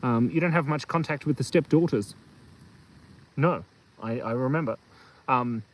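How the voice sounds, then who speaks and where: A man's voice: medium pitch, a little slow, pauses often, poor audio. A man hosting a casual live stream from a hilltop outdoors, rambling and telling silly jokes. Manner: goofy, joking, rambling with fillers. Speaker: kids' channel host.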